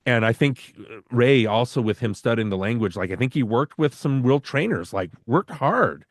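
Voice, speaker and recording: A man co-hosting a podcast, chatting casually about films in a rambling way, full of fillers and quick to laugh. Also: mid-range voice, expressive, no echo, studio quality. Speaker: podcast co-host. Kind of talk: casual film-discussion chat.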